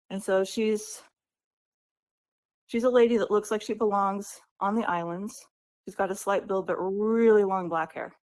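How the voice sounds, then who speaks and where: Animated woman author retelling her story. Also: medium pitch. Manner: animated storyteller, acts out characters' lines; conversational, often asks "right?". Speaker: author guest.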